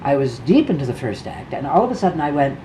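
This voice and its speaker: An older actress in her eighties tells a stage story with a low, grounded voice. She acts out the people in it as she goes. A faint hiss of room noise sits underneath. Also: very animated, fast, dark tone, rough recording. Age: 80s. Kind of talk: candid storytelling interview.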